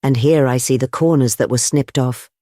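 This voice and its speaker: Reader doing a mild, small male priest sleuth, soft-spoken, audiobook, plain middle pitch. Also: moderate pace, no echo, studio quality, lightly acted. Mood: calm. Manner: quiet, unassuming. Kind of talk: audiobook dialogue.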